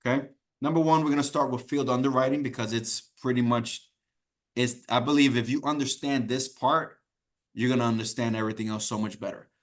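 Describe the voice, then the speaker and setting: A man teaching an exam prep class in a conversational, encouraging way, repeating key points and checking in with "okay?". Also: medium pitch. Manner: repetitive, keeps checking in with "okay?". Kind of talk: live online class teaching.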